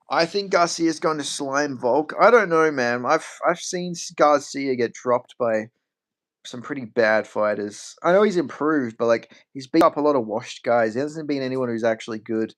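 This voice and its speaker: A man's voice: mid-range voice, normal speed, a bit bright. A man chatting casually on a stream. He rambles, swears freely and answers questions from chat.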